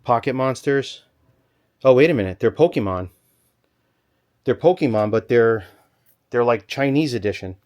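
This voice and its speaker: A man vlogging from a storage locker, rambling and thinking aloud in an excited stop-start way, a little out of breath. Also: mid-range voice, normal speed, long pauses. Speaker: storage unit reseller. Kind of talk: excited unboxing vlog.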